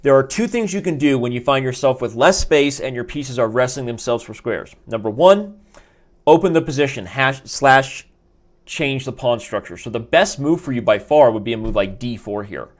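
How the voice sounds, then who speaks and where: A man's voice: medium pitch, animated, normal speed. A man reviewing chess games on a live stream, chatty and jokey, rambling with restarts and asides from his desk. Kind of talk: casual live game review. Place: indoors at a desk.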